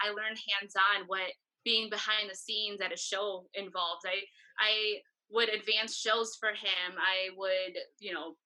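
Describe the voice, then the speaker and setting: A woman in her thirties, a photographer, tells stories as a guest in a casual interview, acting out the exchanges she quotes. Her voice is mid-range, and the audio quality is poor.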